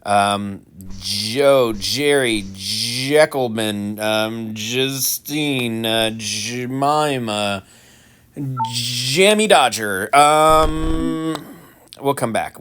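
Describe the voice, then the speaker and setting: A man giving casual, rambling commentary while playing a game, full of ums and restarts, with animated mock-indignant asides. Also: mid-range voice, very slow, slight background noise. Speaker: gaming channel host.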